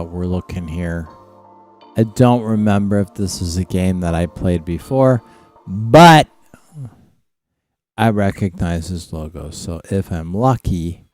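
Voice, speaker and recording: A man from Saskatchewan, Canada, with a low, slightly mellow voice, streams a game live. His commentary is casual and blunt, he swears freely, and he chats with his dog along the way.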